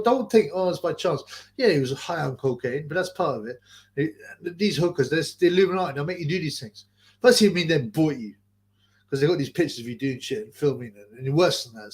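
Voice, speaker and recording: Rambling, profane man, fairly high voice. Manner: rambling, profane, loose storytelling. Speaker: boxing livestream host. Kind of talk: casual livestream chat.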